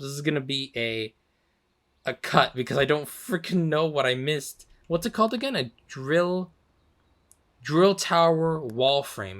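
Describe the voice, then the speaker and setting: This is a man rambling happily through a video game session, tossing in mild curses and quick laughs. His voice sits bright and forward, with a slight hoarse edge from talking for a long while. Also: on the high side. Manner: chatty, self-mocking, laughs often, mild swearing. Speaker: gaming channel host. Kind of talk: casual gameplay commentary.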